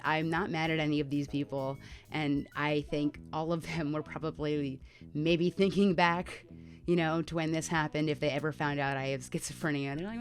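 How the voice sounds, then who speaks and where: A woman with a lowish voice telling her own story to camera. She talks candidly and conversationally, with plenty of fillers. Faint music plays underneath. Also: normal speed. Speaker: mental health vlogger.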